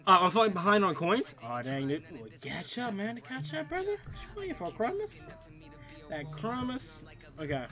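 A young man streaming gameplay live, trash-talking opponents excitably and calling everyone bro and dude. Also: high voice, moderate pace, music in the background. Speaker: gaming streamer.

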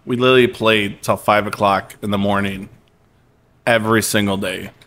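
A man's voice: lowish voice, steady tone, moderate pace, a bit bright. A man who co-owns a cigar lounge, telling stories in a casual podcast chat, swearing freely and laughing often. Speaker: cigar lounge co-owner, guest.

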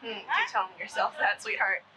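A woman's voice: medium pitch, very animated, a little fast, bright, forceful tone, a little hiss or hum, low-quality recording. A young actress playing a sarcastic, teasing teen girl who talks dryly to her best friend. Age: teens. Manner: dry, teasing.

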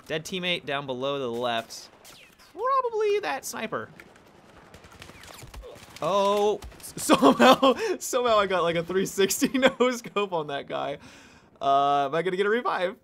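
A young man giving casual, joking commentary over his own gameplay, excitable and laughing, with sudden high squeals of surprise. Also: moderate pace.

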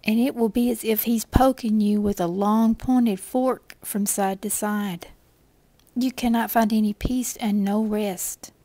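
A woman's voice: medium pitch, fairly even intonation, measured pace, warm tone, dry recording. A woman telling a devotional story in an intimate, often whispered way.

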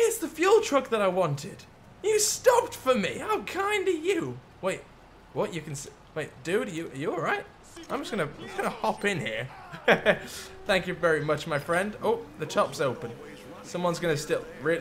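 Gamer dude yelling at npcs, kinda high voice, chatty and jumpy. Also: male voice. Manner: excitable, talks to game characters, laughs often. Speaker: gaming YouTuber. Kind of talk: casual gameplay commentary.

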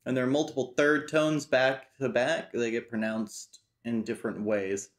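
A man talking casually through a study session, slowly repeating phrases aloud and thinking as he goes. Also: medium pitch. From United States. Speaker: language learner teaching himself.

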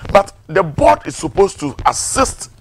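A man's voice: on the high side, very animated, measured pace, a little hiss or hum. A man with a Ghanaian accent hosting a political talk show, probing his guests conversationally.

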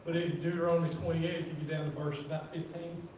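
A man preaching a sermon in church, reading scripture slowly and repeating words as he talks. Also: a little high, flat delivery, a little mellow. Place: church sanctuary. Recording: roomy echo from far off, faint noise.

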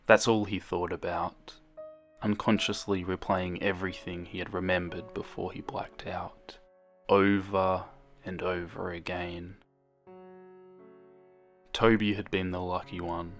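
A man with a deep, low voice reads a horror story in a steady, measured way. Loud music plays under the narration throughout.

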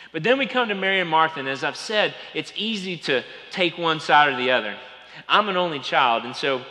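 A man from Atlanta with a Georgia Southern accent, preaching a sermon as pastor with folksy storytelling, often dropping to quiet asides. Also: mid-range voice. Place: large church sanctuary. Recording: long hall reverb.

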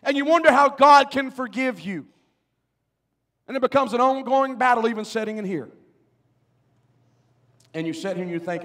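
A man preaching a sermon as pastor in a church, swinging between quiet asides and loud, emphatic outbursts. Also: high-pitched, expressive, normal speed, pauses often. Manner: preaching with rising, shouted emphasis. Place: church sanctuary.

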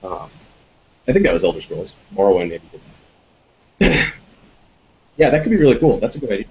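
Low-voiced man, rambling live Q&A. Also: very animated, fairly quick, highs cut off. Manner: rambling, many ums and restarts. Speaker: game designer answering audience questions. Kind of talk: casual live Q&A chat.

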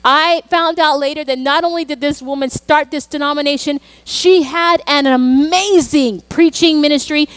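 Earnest high-voiced woman pastor preaching. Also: moderate pace, few pauses, a bit bright, no room sound. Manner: earnest storytelling, emphatic and personal. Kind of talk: sermon. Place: church.

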